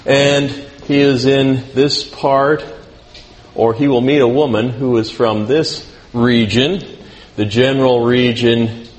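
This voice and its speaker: A man's voice: mid-range voice, steady tone, slow pace. A male pastor preaching a sermon in a conversational way, asking the congregation questions and adding dry humor. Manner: dry self-deprecating humor. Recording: long reverb in a hall, faint background noise.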